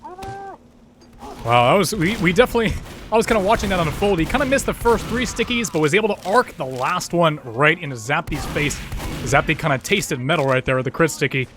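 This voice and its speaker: A man giving steady, analytical color commentary as an esports caster, leaning on fillers. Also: fairly high pitch, fast, over music. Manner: steady explaining, many fillers like kinda.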